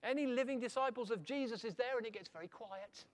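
A middle-aged man preaching a sermon in an animated way, throwing rhetorical questions back at his listeners. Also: extremely high pitch, quick pace.

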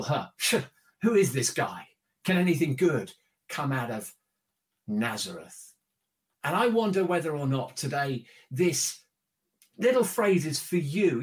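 Conversational male preacher. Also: high voice. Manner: conversational, repetitive, with light chuckles. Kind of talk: sermon.

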